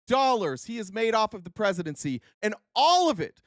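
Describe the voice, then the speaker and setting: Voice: mid-range voice, very animated, normal speed, no echo, studio quality. A political commentary host who reads news excerpts aloud and breaks into profane, sarcastic, heated rants.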